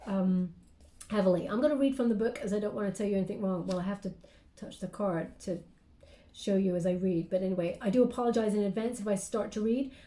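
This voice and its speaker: A woman's voice: mid-range voice, steady tone, fast, warm tone, reverberant. A woman giving a casual tarot reading, rambling and apologetic, with lots of fillers and restarts, yawning and sleepy. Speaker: tarot card reader.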